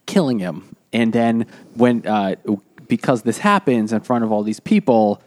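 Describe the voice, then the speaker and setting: A man's voice: medium pitch, lively intonation, unhurried, darkish tone. A man co-hosting a casual book club podcast, retelling a story with lots of fillers and restarts. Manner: rambling plot summary with many fillers. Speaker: podcast co-host.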